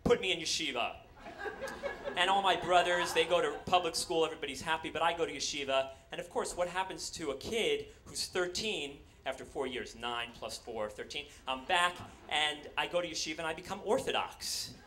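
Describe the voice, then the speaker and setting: A man's voice: fairly high pitch, a little fast, hardly any pauses, bright, forceful tone. A man in his forties from New York, telling a rambling, self-deprecating comic story on stage into a handheld mic. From New York, USA. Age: 40s. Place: on a stage before an audience. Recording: noisy live recording.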